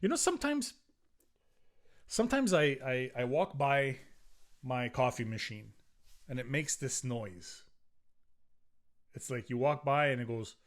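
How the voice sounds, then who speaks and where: A man's voice: medium pitch, animated, a little slow, long pauses. A middle-aged man hosting a solo podcast, ranting in a profane, rambling way with frequent restarts. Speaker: podcast host.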